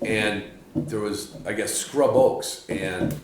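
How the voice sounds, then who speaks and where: A man's voice: on the low side, takes it slowly, heavy background noise. A man from Michigan hosting a podcast, telling a rambling story in casual chat at a hunting camp and laughing often. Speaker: podcast host. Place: hunting camp room, drinks being poured. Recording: echoey room.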